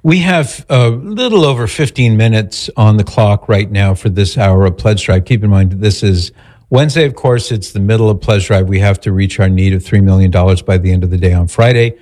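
A man hosting a radio talk show, thanking donors by name and calmly explaining listeners' questions. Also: fairly low pitch, fairly quick.

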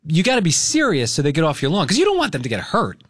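A man's voice: fairly high pitch, fast talker, breathy edge, dry recording, clean studio sound. A man hosting a radio morning show, chatting casually and laughing with his co-hosts. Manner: animated, laughs often, coaching tone.

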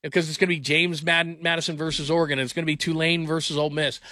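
Sports talk host, male, middle-aged, emphatic rant, slightly high voice. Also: level tone, rapid-fire, pushed and bright, no room sound, clean studio sound. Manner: emphatic, ranting, repeats words for stress. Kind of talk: opinionated sports commentary monologue.

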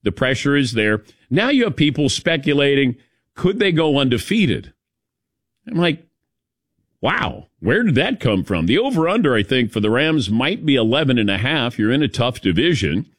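A man's voice: mid-range voice, big pitch swings, moderate pace, dry recording, clean studio sound. Chatty male sports radio host. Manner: chatty, laughs at his own stories. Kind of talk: casual sports talk.

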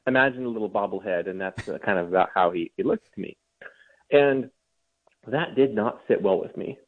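A man's voice: fairly low pitch, animated, moderate pace. A man from Ohio, a guest author, telling a long story in an interview and often restarting his sentences. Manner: storytelling, with frequent restarts and mocking mimicry. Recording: tinny phone-like remote line.

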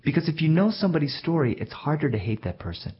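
A male storyteller telling a story from his own childhood in a plain, reflective way with gentle self-mockery. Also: on the high side, big pitch swings, quick pace, husky. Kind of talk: told personal story. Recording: dull lo-fi recording.

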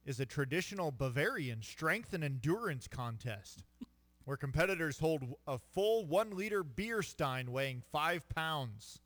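A man co-hosting a sports radio show, reading odd trivia aloud in a deadpan way and stumbling over foreign words. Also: a little high, a little slow, no room sound. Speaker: radio co-host. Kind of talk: casual sports radio banter.

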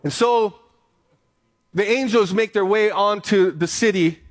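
A man's voice: high-pitched, unhurried. A man preaching a sermon, reading scripture aloud and then pressing his points with repetition and emphasis. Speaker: pastor.

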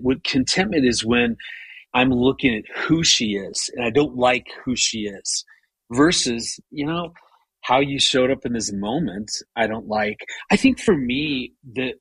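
A man in his fifties, a guest telling a personal story with animated retellings and frequent stumbling restarts. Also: medium pitch, breathy edge, no room sound, rough recording. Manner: animated, retells his inner rants with rising voice; frequent repeated-word restarts. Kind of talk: storytelling in conversation.

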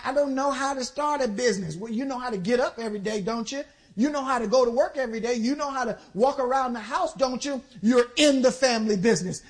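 A woman preacher delivering a sermon, exhorting the congregation with call-and-response, slowing for stressed phrases and speeding through quick bursts. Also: fairly high pitch.

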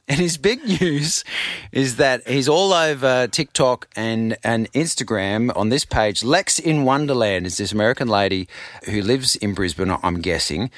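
A man's voice: mid-range voice, normal speed, a bit bright, no room sound. A man hosting a radio show in an upbeat presenter manner. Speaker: radio host.

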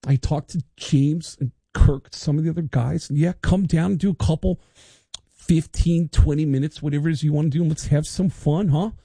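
A man's voice: fairly high pitch, steady tone, a little fast, mellow, husky, no echo. A man doing an impression of a laid-back rock drummer who calls everyone dude. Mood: friendly. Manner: easygoing, drawling, calls people dude.

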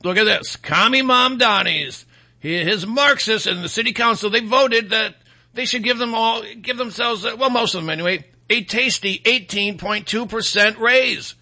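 Middle-aged guy ranting political commentary, sarcastic and mocking, gravelly crackly voice, super bright and sharp. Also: sits high, moderate pace.

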